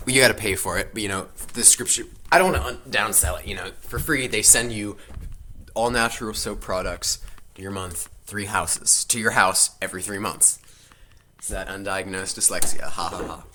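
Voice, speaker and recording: Rambling jokey young man, very bright voice. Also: fairly low pitch, fairly even intonation, normal speed, a little hiss or hum. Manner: rambling, self-interrupting, jokey asides. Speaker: vlogger. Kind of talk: rambling casual vlog chat.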